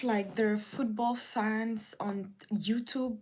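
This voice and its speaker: A young woman with a mid-range voice hosts a casual livestream, reading comments aloud. She rants indignantly and repeats herself. Her pitch jumps up sharply when she gets worked up. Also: a little slow. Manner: indignant, repetitive ranting with sudden rises in pitch. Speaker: livestream host.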